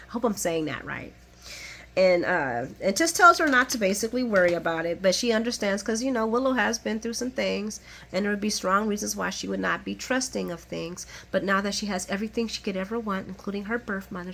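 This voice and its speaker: A woman in casual chat, recapping soap episodes for her channel. She laughs often and jumps between low, muttered asides and high, excited exclamations, with an ordinary mid-range voice. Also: normal speed. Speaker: soap opera recap vlogger.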